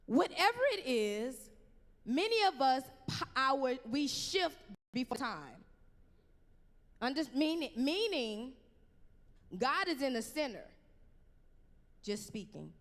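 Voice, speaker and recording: A woman's voice: sits high, very animated, takes it slowly, pauses often, fairly bright tone, big-room sound. A woman preaching a conversational youth sermon in a church, full of slang and call-and-response with the crowd. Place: church sanctuary.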